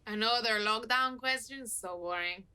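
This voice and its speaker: A woman's voice: fairly high pitch, normal speed, sharp tone, clear, resonant tone. An actress with a Spanish accent playing a playful young woman on a video date in a game. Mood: chatty. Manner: teasing, playful. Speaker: dating match. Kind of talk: game voice acting. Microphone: video call.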